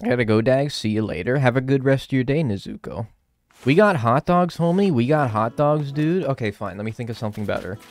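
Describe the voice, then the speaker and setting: A man's voice: mid-range voice, fast, few pauses, darkish tone, no room sound, soft background music. A young American man streaming a game, chatting with his viewers in a playful, swearing, mock-arguing way. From United States. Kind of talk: casual chat while gaming, answering chat.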